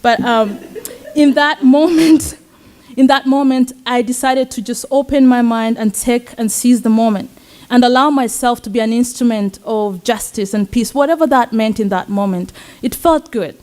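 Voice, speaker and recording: A woman's voice: a little high, moderate pace, darkish tone. Earnest Kenyan woman telling a story. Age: young adult. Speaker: student speaker. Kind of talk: personal storytelling talk. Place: event stage.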